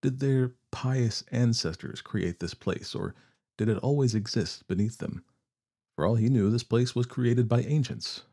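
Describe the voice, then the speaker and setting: A man narrating a story in a steady, expressive reading voice. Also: medium pitch, a little slow.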